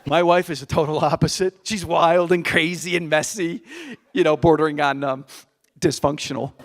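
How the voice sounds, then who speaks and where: A middle-aged man performing live stand-up comedy on a theater stage, animated and exasperated, with audience laughter behind him. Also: a little high, moderate pace. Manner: animated, acts out exasperated voices.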